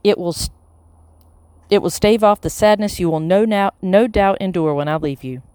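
A reader voicing a grand, theatrical elderly matriarch who speaks slowly and pompously. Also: mid-range voice, a little mellow, clean tone, no echo, lightly acted. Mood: stately.

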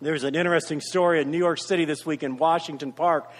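A man's voice: a little high, steady tone, fast. A man preaching a sermon as pastor, earnest and repeating his key points for emphasis, with storytelling asides. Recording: reverberant hall.

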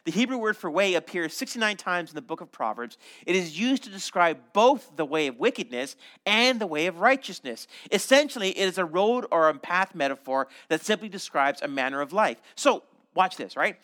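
A middle-aged man preaching a sermon in a church, animated and conversational, often checking in with "right?" and slipping in jokes. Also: high voice, normal speed. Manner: animated, conversational, frequent "right?" asides and joking. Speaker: pastor.

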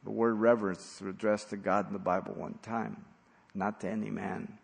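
A man preaching an expository sermon as pastor, blunt and emphatic, with sudden loud stresses. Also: on the low side, little pitch movement, normal speed, gravelly, slightly rough, long reverb tail.

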